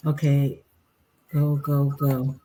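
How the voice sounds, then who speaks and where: A woman's voice: rumbling low, level tone, takes it slowly, warm tone. A tired woman co-hosting a casual podcast, chatty and a bit scattered while she sorts out her computer. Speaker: podcast co-host.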